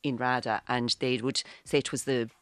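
A woman with a Cork accent, an actor on a panel, telling brisk, self-mocking anecdotes. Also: very deep voice, fairly even intonation, no echo. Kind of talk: casual chat.

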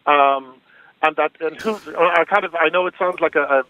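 An Irish man, a local councillor, explaining things in a measured way on a radio phone-in. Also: a little high, no room sound. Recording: dry tinny phone line.

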